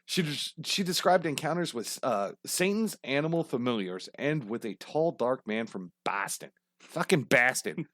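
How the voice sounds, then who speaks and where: A man's voice: mid-range voice, expressive, normal speed, a bit bright, no echo, clean studio sound. A man co-hosting a podcast, retelling history as crude comedy, swearing often and laughing at his own jokes. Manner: profane, joking, puts on silly voices. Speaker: podcast co-host.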